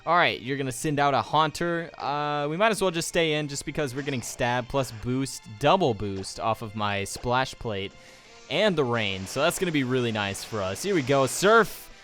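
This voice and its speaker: A man's voice: medium pitch, expressive, normal speed, fairly bright tone. Young man rambling through game commentary. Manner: rambling, joking, reads game text aloud. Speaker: let's play commentator. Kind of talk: casual gameplay commentary. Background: faint game music.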